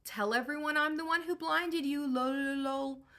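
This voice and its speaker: A woman's voice: on the high side, big pitch swings, quick pace, a bit bright. A woman voicing a cocky male hero who taunts his enemy in smug, slangy talk. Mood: taunting. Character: cocky bragging male hero, trash-talking.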